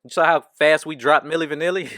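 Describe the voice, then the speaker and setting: A man's voice: on the high side, fairly even intonation, fairly quick, a bit bright, dry recording, studio quality. A man hosting a comedy podcast, talking in a loose, slangy way and laughing often. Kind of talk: casual chat.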